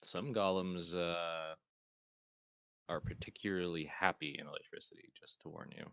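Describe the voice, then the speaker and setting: Deep-voiced man running a tabletop game. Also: steady tone, moderate pace, bright, forceful tone, smooth, dry recording. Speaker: game master.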